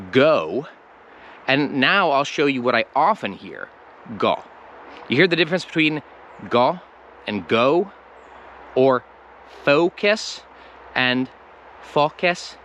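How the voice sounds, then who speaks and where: An American man teaching English pronunciation to camera, explaining slowly and stretching out the sounds he demonstrates. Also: mid-range voice, sharp tone, slight background noise. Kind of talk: online language lesson.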